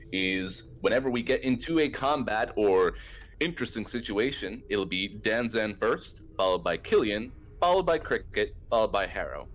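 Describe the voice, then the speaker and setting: A man narrating as dungeon master, setting scenes in a relaxed, descriptive way. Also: on the low side, slight background noise. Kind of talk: narrating a tabletop game.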